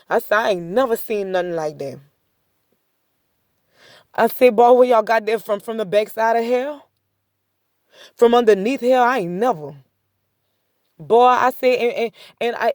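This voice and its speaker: A faith vlogger shares a heartfelt testimony in a relaxed, chatty way, repeatedly circling back with "I said" asides and chuckling between points. Her voice is at an ordinary middle pitch, recorded dry and close with no room echo.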